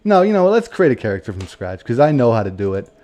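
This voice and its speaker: Man, game streamer host; excitable, swears a lot, over-the-top rants, mellow tone. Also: medium pitch, fast. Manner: excitable, profane, mock-dramatic rants. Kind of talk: casual livestream chat while gaming.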